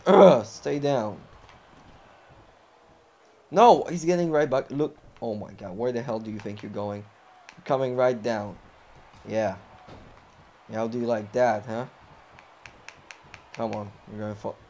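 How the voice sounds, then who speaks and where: A young man commenting on his own wrestling video game playthrough, often frustrated and yelling or swearing at the game. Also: fairly low pitch, a little slow, long pauses. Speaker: gamer recording a playthrough. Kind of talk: live gameplay commentary.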